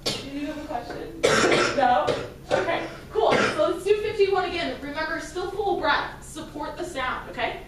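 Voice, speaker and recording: A woman's voice: sits high, a little slow. A woman teaching a school band class, upbeat and encouraging as she counts the players in. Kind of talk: classroom instruction. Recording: roomy, distant, noisy classroom.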